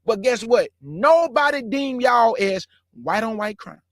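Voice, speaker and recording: A man's voice: very high-pitched, animated, measured pace, a bit bright, dry recording, clean studio sound. A man hosting his own show, talking straight to viewers in an earnest, impassioned monologue and calling them family and brother. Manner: earnest, addresses listeners as family and bruh; grows heated and emphatic. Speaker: show host.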